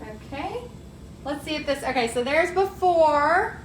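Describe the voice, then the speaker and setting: High-voiced texas gal chatting thru a painting tutorial, echoey room. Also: female voice, animated, measured pace. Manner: upbeat, chatty, talks to viewers as "y'all". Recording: echoey room, faint background noise.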